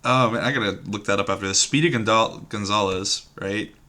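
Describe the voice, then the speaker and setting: This word-puzzle streamer has a lowish, bright, forceful voice and a brisk pace. Working at his computer, he thinks aloud in a musing, hesitant way, trailing off and repeating words.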